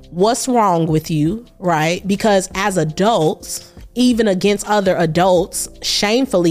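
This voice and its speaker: A woman's voice: medium pitch, a little mellow. A woman hosting a solo podcast in a reflective way, asking repeated emphatic rhetorical questions. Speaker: podcast host.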